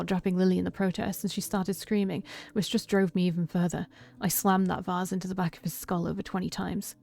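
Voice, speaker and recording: A woman voicing a troubled young man who confesses a past killing, read in a quiet, heavy tone with a gravelly edge. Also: on the low side.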